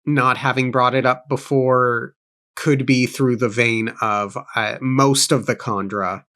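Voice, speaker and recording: A man's voice: medium pitch, fairly even intonation, takes it slowly, fairly bright tone, clean tone. A man co-hosting a book-club podcast, reading aloud and musing in a thoughtful, self-correcting way. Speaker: podcast co-host.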